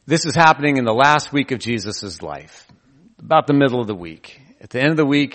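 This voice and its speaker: A man preaching a sermon as pastor, telling stories in an animated way and acting out quoted voices. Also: mid-range voice, in a large hall.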